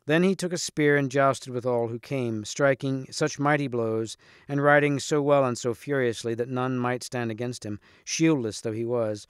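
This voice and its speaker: Smooth-voiced man reading a storybook. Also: mid-range voice, no room sound, studio quality. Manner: measured, expressive. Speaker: reader. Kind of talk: storybook read-aloud.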